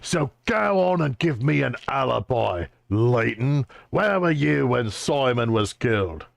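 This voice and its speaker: A man's voice: medium pitch, very animated, measured pace, creaky, dry recording, pitched above the performer's own voice, full character voice. A man voicing a bullying middle-aged male police inspector from a video game, accusing and sneering.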